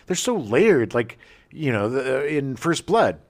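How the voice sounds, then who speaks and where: A man's voice: mid-range voice, very animated, slow. A man co-hosting a podcast in casual chat, gushing about actors he admires. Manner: effusive, jumps into silly voices. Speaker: podcast co-host.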